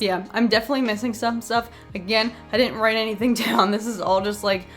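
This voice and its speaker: A woman's voice: fairly high pitch, steady tone, a little fast, hardly any pauses, a bit bright, soft background music. A woman giving a chatty, unscripted episode review in a tired late-night voice, gushing and saying "like" a lot. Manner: chatty and gushing, with many filler "like"s.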